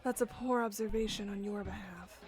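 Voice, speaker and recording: A woman gives voice to a tall, dangerous woman guarding an underground club in a visual novel game. She speaks in curt, firm warnings at an ordinary middle pitch. Loud game music plays behind her. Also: steady tone, moderate pace, natural voice. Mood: dismissive.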